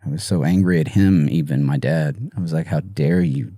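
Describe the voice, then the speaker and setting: A man telling a painful personal story in an interview, halting and soft-spoken with many pauses, emotional and near tears. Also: very deep voice, no echo, studio quality. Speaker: musician guest.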